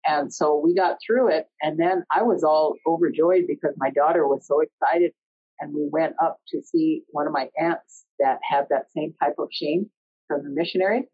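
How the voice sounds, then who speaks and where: A middle-aged woman telling a personal story in an earnest, conversational way, often pausing mid-sentence. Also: low-pitched, breathy edge. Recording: dull lo-fi recording.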